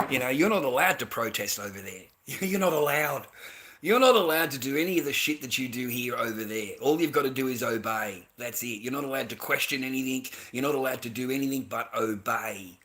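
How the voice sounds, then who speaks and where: A man's voice: mid-range voice, brisk, sharp tone. An Australian man delivering a heated, profane ranting monologue, repeating himself and tossing in "mate" between sentences.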